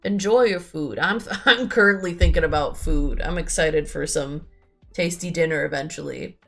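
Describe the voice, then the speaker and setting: A young woman streaming a game, chatting playfully and asking quick surprised questions as she reads along. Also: low-pitched, vocal fry, a bit bright, faint music behind. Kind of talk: casual game commentary and reading dialogue aloud.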